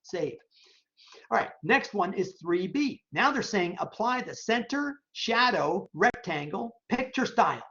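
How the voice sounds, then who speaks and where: A professor talking through a software demo on a screen recording, casually thinking aloud while checking each option and repeating phrases. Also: mid-range voice, lively intonation, unhurried. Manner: casual, chatty explaining with verbal tics. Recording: dull lo-fi recording.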